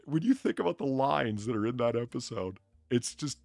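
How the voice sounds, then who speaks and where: Over clean, dry studio sound, a man hosts a livestream in casual chat, his medium-pitched voice animated and brisk. He's a profane, jokey storyteller whose tales ramble, full of swearing and jokes.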